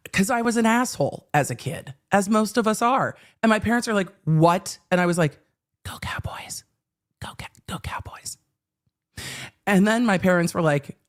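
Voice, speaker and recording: With a fairly low, hoarse voice, this 40-something California host of a legal commentary live stream sounds under the weather. Her style is animated and conversational, and she says things again to stress them.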